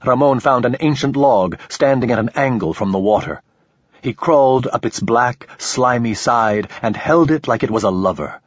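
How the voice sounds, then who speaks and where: A man reading a novel aloud as an audiobook narrator, in a measured, even storytelling manner. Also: mid-range voice, breathy edge, no room sound, highs cut off. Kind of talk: scripted narration.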